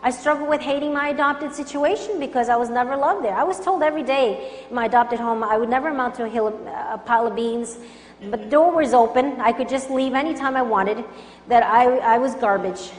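A woman's voice: a little high, brisk. A woman from Colombia giving an earnest testimony sermon, urging her listeners with conviction. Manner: earnest, urgent exhortation. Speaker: Christian speaker. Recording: echoey hall with faint hum.

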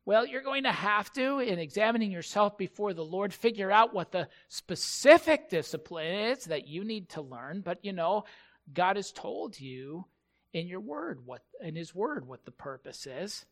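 Male pastor preaching, halting and repetitive, bright tone, slightly high voice. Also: very animated. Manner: halting storytelling, repeats words. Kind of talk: sermon.

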